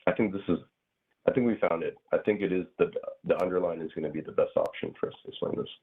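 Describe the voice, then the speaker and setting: A very low, husky-voiced man teaches grammar over a thin, phone-like connection. He rambles through his points with plenty of fillers and acts out little everyday scenes to make them clear. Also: fast. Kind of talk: casual online class explanation. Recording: tinny phone-like audio.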